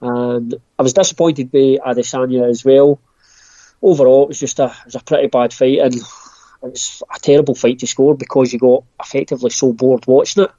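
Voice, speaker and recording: A man with a dark, mellow voice gives his view as a podcast guest, pausing with ums and restarting his sentences. The recording is dry and dull. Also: medium pitch, steady tone, no echo. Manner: hesitant, with frequent ums and restarts. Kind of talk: casual podcast chat.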